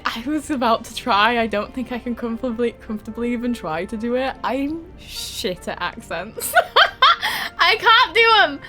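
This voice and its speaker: A woman's voice: a little high, fairly bright tone. A young adult woman streaming a game, chatting casually with her viewers, laughing often and swearing freely. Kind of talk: casual live-stream chat.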